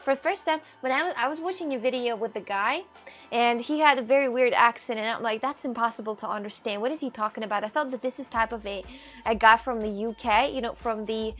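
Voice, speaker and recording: A chatty female livestreamer reads viewer comments aloud during a casual stream, laughing often, with faint music behind her as she walks outdoors through a city. Her voice sits a little high and sounds a bit bright, and she talks fairly quickly.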